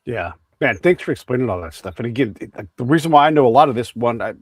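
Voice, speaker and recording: A man's voice: medium pitch, animated, quick pace, dry recording. Rambling man telling stories. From United States. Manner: rambling, storytelling with many restarts. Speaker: podcast host. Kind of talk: conversational interview.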